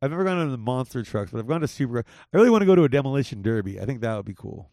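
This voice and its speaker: A man's voice: mid-range voice, expressive, racing, a little mellow, no echo, clean studio sound. Profane, joking young man hosting a podcast. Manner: profane, jokey, rambling. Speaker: podcast host. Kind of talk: casual chat.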